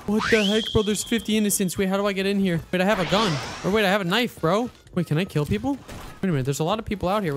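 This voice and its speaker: Excitable young man gaming commentary. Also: high-pitched. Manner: excitable, breaks into sudden shouts; casual slangy chatter, keeps saying bro. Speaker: gaming YouTuber. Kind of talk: Roblox gameplay commentary.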